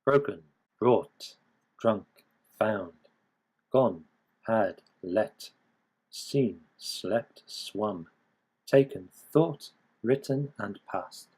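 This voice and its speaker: A man narrating a scripted English grammar lesson in a measured, explanatory way. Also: fairly low pitch, darkish tone, slightly rough, rough recording. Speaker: English teacher.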